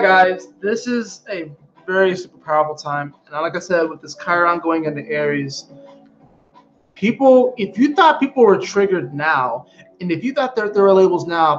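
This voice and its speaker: A man talking casually to his viewers about astrology in an animated, emphatic way, often swearing. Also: sits high, muffled recording. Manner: animated, emphatic, frequently profane. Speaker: astrology vlogger. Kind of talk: casual spiritual chat to viewers.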